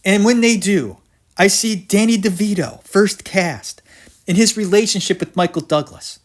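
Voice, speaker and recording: On his own podcast, a man with a high-pitched voice goes on an excitable, rambling rant about film history at a normal speed. He swears and laughs at himself as he goes.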